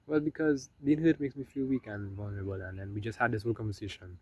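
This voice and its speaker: A man's voice: lowish voice, fast, hardly any pauses, darkish tone, muffled recording. A man giving casual spiritual self-help talk, loose and conversational, often adding "right?" and "you know?" between points.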